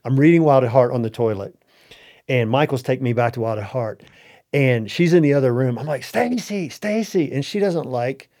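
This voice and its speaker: A middle-aged man with a warm, mellow voice shares a personal story as a podcast guest. He talks in an earnest, heartfelt way and often starts his sentences over. His pitch sits in an ordinary middle range. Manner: earnest and heartfelt, with halting restarts. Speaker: interview guest.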